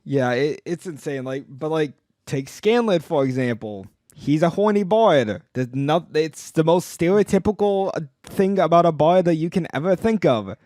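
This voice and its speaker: A young man with a slightly raised pitch chats eagerly on a podcast, piling up restarts and fillers as he rambles. His voice sits close and dry, with no room sound around it. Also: lively intonation, normal speed, hardly any pauses, darkish tone, no room sound. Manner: rambling, enthusiastic, many restarts and "like". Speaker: podcast co-host. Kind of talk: casual podcast chat.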